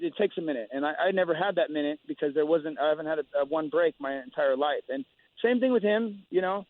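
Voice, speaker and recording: A man guest in a casual interview, rambling with many halting restarts. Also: sits high, dry recording. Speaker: guest fighter. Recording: tinny phone line.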